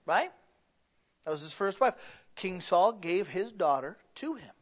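A man preaching a sermon, telling stories and building to loud, emphatic points. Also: sits high, expressive, a little slow, pauses often. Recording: dull lo-fi recording.

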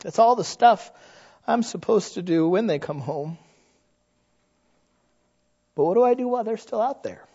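A male pastor preaching a sermon, animated and folksy, asking rhetorical questions and joking at his own expense. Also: high-pitched, normal speed, long pauses, slightly rough, dull audio. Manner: animated, frequent rhetorical questions and self-deprecating humor.

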